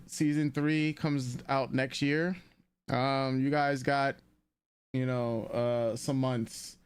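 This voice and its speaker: A man's voice: medium pitch, darkish tone, clear, resonant tone. A man co-hosting a live anime commentary stream, rambling casually with lots of fillers and restarts.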